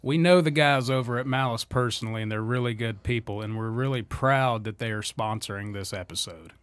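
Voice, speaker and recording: A man's voice: mid-range voice, a bit bright, clean tone, dry recording. A man co-hosting a casual comedy podcast, reacting and flaring into angry asides. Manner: reactive, quick to anger. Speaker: podcast co-host.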